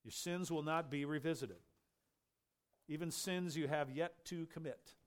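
A man preaching a sermon with emphatic stress, raising his voice for questions and dropping low on key words. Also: a little slow.

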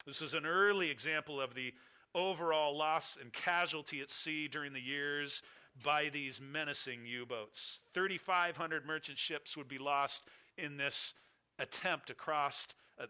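A man with a very bright, forceful voice delivers a sermon, telling a story in emphatic, piling phrases. His speaking voice sits a little high for a man. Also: smooth. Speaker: preacher. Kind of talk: sermon illustration.

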